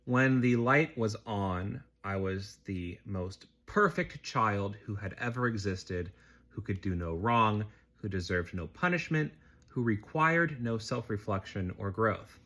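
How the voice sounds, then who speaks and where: A man vlogger telling a personal story as political commentary, in an expressive, animated way. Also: fairly low pitch.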